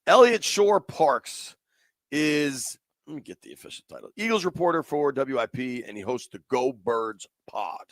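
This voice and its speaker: A man's voice: medium pitch, lively intonation, normal speed, no room sound. A man from Washington, D.C., hosting a sports radio livestream in a casual, rambling way with plenty of fillers. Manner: easygoing, rambling with fillers and restarts.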